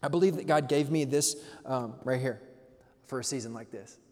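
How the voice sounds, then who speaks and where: A man's voice: medium pitch, normal speed, a little mellow, long reverb tail. A man pastor preaching a conversational sermon, telling stories in a playful way.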